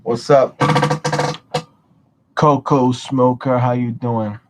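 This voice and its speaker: A man's voice: medium pitch, steady tone, slow pace, over loud music. A man chatting casually on a livestream, greeting viewers and rambling with frequent swearing. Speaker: livestream host.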